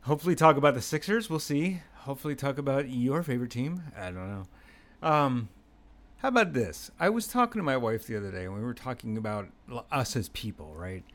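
A young adult man from Pennsylvania hosting a podcast, telling a story in a rambling, animated, self-mocking way and swearing freely. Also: medium pitch, fairly quick. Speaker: podcast host. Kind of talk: casual storytelling monologue.

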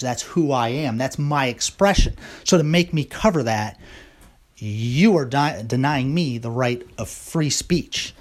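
Man rambling through his opinions. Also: mid-range voice. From United States. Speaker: vlogger. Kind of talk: casual opinion monologue.

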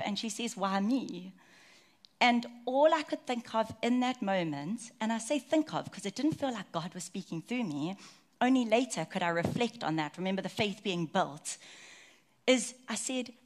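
A woman, preaching to her church. She talks in a chatty, personal way and keeps stopping for stories and asides. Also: mid-range voice. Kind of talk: sermon.

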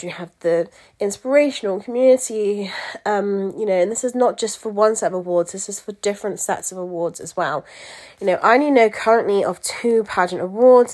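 A woman's voice: medium pitch, a little mellow. Chatty woman, candid and rambling. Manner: chatty, candid, many fillers and asides. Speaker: pageant coach and event organiser. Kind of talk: casual monologue to followers.

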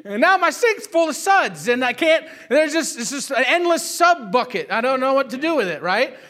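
A man in his thirties, a father, telling a family anecdote in a casual, animated way and often asking "right?". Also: very high voice, moderate pace.

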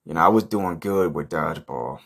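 A young man with a very low voice spins a ridiculous boastful story for his podcast. He talks in a loose, rambling deadpan, full of swearing and fillers. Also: a little fast, creaky. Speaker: podcast host.

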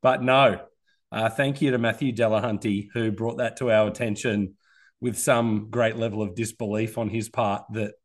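A man's voice: fairly low pitch, steady tone, normal speed. A man in his thirties with an Australian accent hosts a casual podcast chat. He talks in an easy, chatty way and pokes fun at himself. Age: 30s. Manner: self-deprecating, chatty. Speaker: podcast host.

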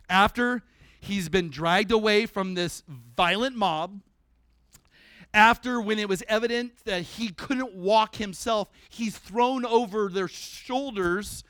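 A man preaching a sermon at a church service, animated and conversational, breaking into humorous asides. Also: high voice, smooth, no echo.

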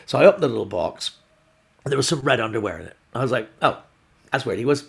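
Male comedian, raspy-edged voice, loose storytelling, lots of restarts. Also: medium pitch, fast. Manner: rambling, animated storytelling with restarts and acted-out quotes. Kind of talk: storytelling on a podcast.

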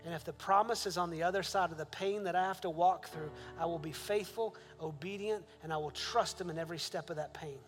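Male pastor, fairly high voice, sermon in a reverberant hall, soft music under it. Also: brisk, hardly any pauses. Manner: rising to emphatic questions, then soft prayer.

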